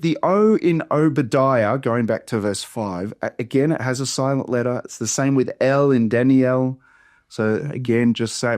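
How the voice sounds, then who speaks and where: A man with an Australian accent, a pastor teaching how to read hard biblical names aloud, sounding each one out slowly and deliberately. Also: mid-range voice, a little mellow, dry recording, clean studio sound. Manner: slow, deliberate syllable-by-syllable modelling. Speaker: pastor teaching Bible reading. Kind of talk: workshop teaching pronunciation.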